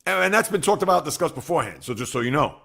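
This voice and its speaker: Male sports livestream host, slightly high and gravelly, animated, chats with viewers and jumps from loud bursts to low asides. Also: rapid-fire. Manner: animated, swings from loud outbursts to quiet asides; talks straight to chat, reads out viewer comments. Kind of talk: casual livestream chat with viewers.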